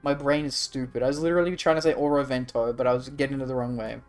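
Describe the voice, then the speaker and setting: A woman streamer in rambling, profane live commentary who swears constantly and gets loudly excited. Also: very deep voice, quick pace, soft background music. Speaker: livestreamer.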